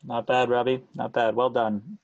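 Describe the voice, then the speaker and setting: A man in his thirties co-hosting a casual podcast, easygoing and halting, with fillers. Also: mid-range voice, flat delivery, no echo. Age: 30s. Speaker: podcast co-host. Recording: dull lo-fi sound.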